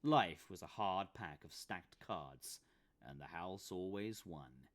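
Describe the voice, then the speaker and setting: A man's voice: low-pitched, animated, slow pace. A man, the author, reading his comic novel aloud with dramatic, playful storytelling. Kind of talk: expressive book reading.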